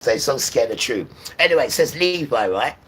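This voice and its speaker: A man's voice: mid-range voice, animated, normal speed, fairly bright tone, distant mic, rough recording. A man preaching and ranting to viewers on a livestream, often checking in with "right?".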